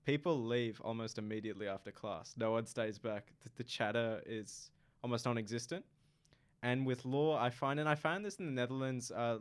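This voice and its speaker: A young man, a student guest in a casual chat, talking in a halting, playful way and repeating words. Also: medium pitch, clear, resonant tone. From Australia.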